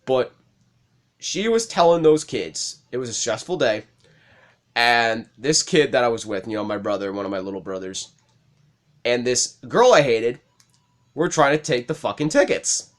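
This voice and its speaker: A man's voice: mid-range voice, expressive, moderate pace, pauses often. A young man hosting a let's play, casually telling rambling stories with lots of swearing and laughter. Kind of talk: casual storytelling over gameplay.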